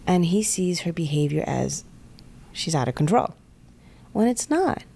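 Gravelly low-voiced woman explaining couples. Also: very animated, dark tone. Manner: earnest, acts out spouses' voices in quick asides. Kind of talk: explanatory podcast talk.

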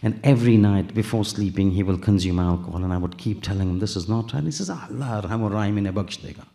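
A male preacher giving a sermon, telling a story and acting out its dialogue in an animated way, with Arabic and Urdu phrases mixed in. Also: fairly low pitch, quick pace, gravelly. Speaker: Islamic preacher.

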